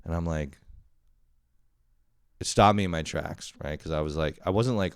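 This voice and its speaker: A man's voice: deep voice, normal speed, pauses often, smooth, no room sound, clean studio sound. A young man hosting a podcast, talking in a rambling, profane, self-deprecating way and often laughing. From Canada. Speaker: podcast host. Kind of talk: casual solo podcast monologue.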